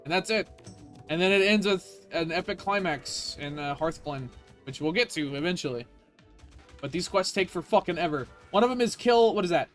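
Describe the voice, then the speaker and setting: A man's voice: sits high, lively intonation, normal speed, a bit bright, soft background music. A man streaming a video game, ranting in casual, profane commentary.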